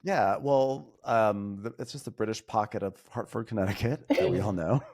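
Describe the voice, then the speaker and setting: A man guesting on a podcast, chatting casually and slipping into quick mocking impressions, laughing often. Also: on the low side, darkish tone. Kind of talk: casual chat.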